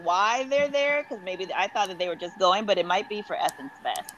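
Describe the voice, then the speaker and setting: A woman's voice: mid-range voice, fairly quick, fairly bright tone, highs cut off, a little hiss or hum. A woman as a podcast guest in casual chat, easygoing and a little unsure.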